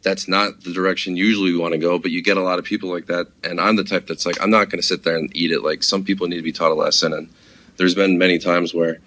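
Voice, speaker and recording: A man's voice: sits low, steady tone, fast, fairly bright tone, slight background noise. A man telling a story in a casual podcast chat in a blunt, plain-spoken way.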